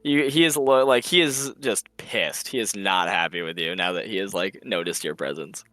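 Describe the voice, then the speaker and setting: A man's voice: low-pitched, normal speed, fairly bright tone, no room sound, soft background music. Man running a tabletop game, dry mic. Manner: casual, laughs often, loose filler-heavy narration. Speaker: game master.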